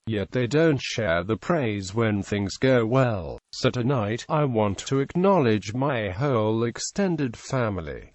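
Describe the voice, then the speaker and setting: A man with an Australian accent giving a measured, formal ceremony speech as organizing committee president, reading a prepared address at a podium microphone. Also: fairly low pitch, no echo. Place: large outdoor stadium.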